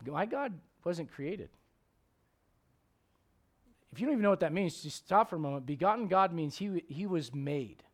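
A man preaching a sermon as pastor, swinging between loud emphatic questions and low, quiet asides. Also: expressive, normal speed, long pauses.

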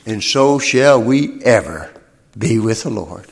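A man preaching a sermon in a church, folksy and plain-spoken, building into loud, high-pitched preaching. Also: expressive, slow, vocal fry. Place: church sanctuary. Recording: long reverb of a church hall.

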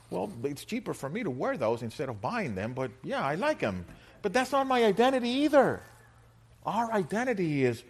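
A middle-aged man preaching a sermon in a conversational way, laughing often and swinging from quiet, slow lines to loud, emphatic ones. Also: mid-range voice, big pitch swings, husky. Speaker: pastor.

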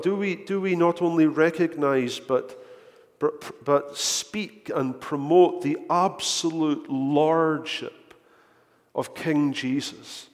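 A man's voice: fairly high pitch, takes it slowly. A man preaching a sermon in earnest tones, often repeating words as he builds a point, recorded in a church. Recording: echoey hall.

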